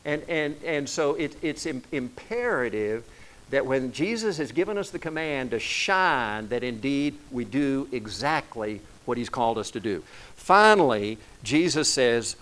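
A man's voice: medium pitch, animated, unhurried, a bit bright, poor audio. A man preaching a sermon as pastor, telling stories in a loose, conversational way with frequent restarts.

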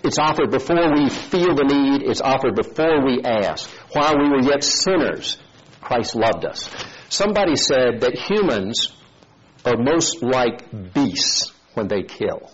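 A man delivers a sermon, weaving in a story and putting on the characters' voices with animated energy. His voice is slightly husky, at a middling pitch. The recording sounds dull and lo-fi. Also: measured pace. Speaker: preacher.

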